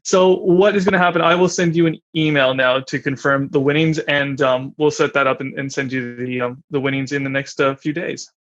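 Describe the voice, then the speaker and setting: A man's voice: medium pitch, steady tone, brisk, hardly any pauses, a bit bright, dull audio. A man co-hosting a casual podcast, hesitant and full of ums and restarts. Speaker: podcast co-host.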